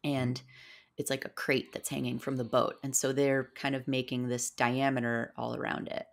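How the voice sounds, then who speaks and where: A woman's voice: very deep voice, level tone, moderate pace, gravelly. A woman guest on a podcast, telling a personal story in a rambling way with many fillers. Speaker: podcast guest, psychedelic guide. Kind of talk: casual storytelling interview.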